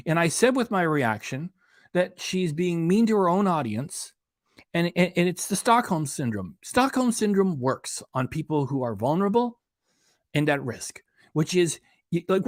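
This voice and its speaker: A male reaction-channel host talks with indignant emphasis, circling back to hammer his points home. His voice sits a bit high for a man, and the sound is dry and close to the mic. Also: no echo. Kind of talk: casual commentary rant.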